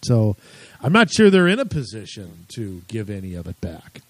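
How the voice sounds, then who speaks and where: A man's voice: fairly low pitch, wildly swooping pitch, moderate pace, no room sound, low-quality recording. A married man co-hosting a casual political talk show, chatty and rambling, often amused. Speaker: co-host.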